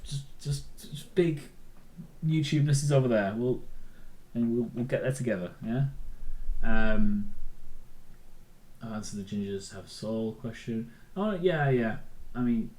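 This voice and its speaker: A man's voice: lowish voice, darkish tone, rough recording. A young man in his twenties, hosting a casual livestream and chatting loosely while reading comments. He rambles and jokes. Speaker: streamer and show host.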